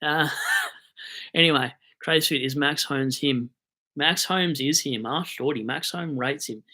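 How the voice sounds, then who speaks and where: His voice is a little high, a little slow, and pushed and bright. A young Australian man, wired on coffee, jokes and rambles on a casual live stream about fantasy football.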